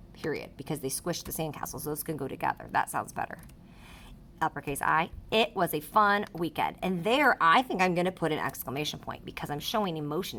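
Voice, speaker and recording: A woman's voice: fairly low pitch, expressive, brisk, bright, forceful tone. A woman teaching a writing lesson to third graders, reading her example sentences aloud as she explains punctuation.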